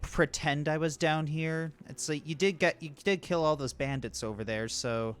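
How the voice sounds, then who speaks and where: A game master voicing a timid, anxious young boy who talks in halting, hesitant bursts. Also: mid-range voice, clear, resonant tone, close to an everyday voice. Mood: unsure.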